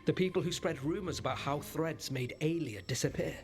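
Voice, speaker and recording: A sly, amused male rogue from a fantasy video game, as a man voices him, his somewhat high voice dry with teasing. Faint music sits behind him. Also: a little fast, natural voice. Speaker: game character.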